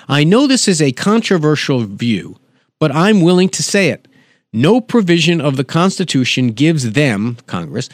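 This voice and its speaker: A man's voice: medium pitch, dry recording, clean studio sound. A man hosting a political podcast, delivering sardonic commentary and reading quotes aloud with asides. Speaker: podcast host.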